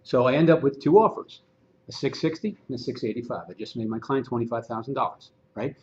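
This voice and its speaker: Man, training presenter, animated and chatty, slightly muffled room recording. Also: mid-range voice, quick pace. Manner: animated, conversational, acts out dialogue. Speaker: real estate agent and trainer.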